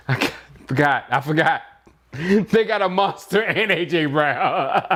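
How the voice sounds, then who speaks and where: Lively high-voiced man reacting to a sports draft. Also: very slow. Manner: animated, laughing, jumps between shock and grumbling. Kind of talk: casual live reaction chat.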